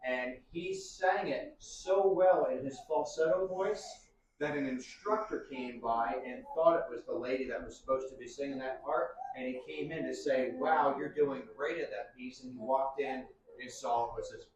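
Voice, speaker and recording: A man teaching a singing class, explaining in a relaxed way with asides. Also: medium pitch, normal speed, slight background noise. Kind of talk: classroom lesson. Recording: very echoey room, far from mic.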